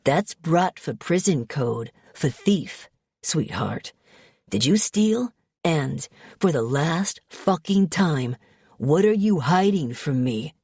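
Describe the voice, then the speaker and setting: Woman putting on a dark new jersey mob prince, deep slow drawl, ruthless and brooding. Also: lively intonation, slightly rough, dry recording, clean studio sound, exaggerated voice. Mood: menacing. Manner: low, slow, menacing drawl. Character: brooding ruthless male mafia heir, young adult.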